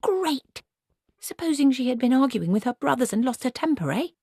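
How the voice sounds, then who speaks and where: A woman voicing a stubborn, sharp-tongued old witch in an audiobook reading, with indignant clipped outbursts. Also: fairly low pitch, expressive, measured pace, husky, no echo, studio quality, exaggerated voice.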